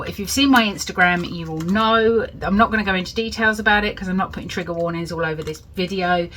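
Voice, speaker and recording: A British woman talks to camera at home in a casual vlog, rambling and candid as she goes. Her voice is bright and forward at an ordinary middle pitch. A faint hiss sits under the recording. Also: low-quality recording. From United Kingdom. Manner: rambling and candid, with frequent fillers and laughs. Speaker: budgeting channel host.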